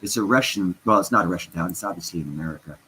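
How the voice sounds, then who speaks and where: Stoned man vlogging from home, low-pitched, rambling and self-interrupting, faint hum behind. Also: racing, pushed and bright, rough recording. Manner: meandering, self-interrupting, talks to viewers and his cat. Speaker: crypto vlogger. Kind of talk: casual rambling livestream chat.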